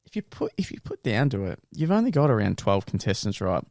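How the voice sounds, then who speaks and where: A young man co-hosting a podcast, telling stories in an animated way, laughing and swearing casually. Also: on the low side, brisk, vocal fry, dry recording, studio quality. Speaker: podcast co-host. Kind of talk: casual chat.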